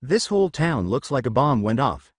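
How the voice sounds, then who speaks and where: A man's voice: mid-range voice, very animated, normal speed, no echo, studio quality. A man reading the lines of a protective young male ninja, scolding mildly. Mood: reproachful. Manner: reproachful.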